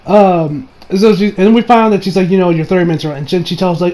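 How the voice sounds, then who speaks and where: A man's voice: high voice, very animated, a little slow, long pauses, darkish tone. A man casually recapping an anime episode, rambling with laughs and joking asides. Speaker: anime reviewer.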